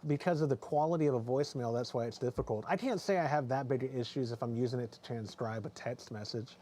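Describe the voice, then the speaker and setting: A man's voice: medium pitch, fast talker, mellow. A man hosting a casual podcast chat, talking in a rambling, self-correcting, jokey way, with a mild speech impediment. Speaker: podcast host.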